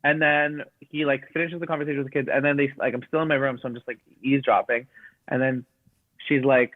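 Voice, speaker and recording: A comedian guest in casual chat, a man with a mid-range voice and a steady tone, talks fast while telling a rambling, profane story and quoting other people's dialogue along the way. The recording is dry and tinny, almost like a phone line, with no echo.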